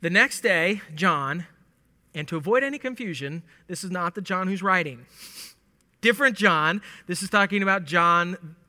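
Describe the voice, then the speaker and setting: Bright-voiced man teaching in a hall. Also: high-pitched, normal speed. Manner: animated and joking, acting out lines with laughs. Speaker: preacher teaching scripture. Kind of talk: casual verse-by-verse Bible teaching. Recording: long hall reverb.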